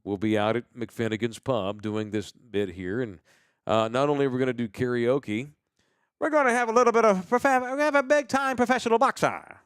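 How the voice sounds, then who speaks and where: A man's voice: medium pitch, animated, fairly quick, a bit bright, clear, resonant tone, dry recording. A man hosting a podcast in casual, crude, joking chat. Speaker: podcast host.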